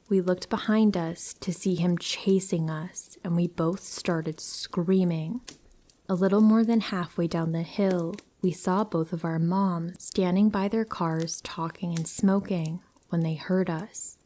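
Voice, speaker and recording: Slow, calm woman horror storyteller. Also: lowish voice. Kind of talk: scripted story narration.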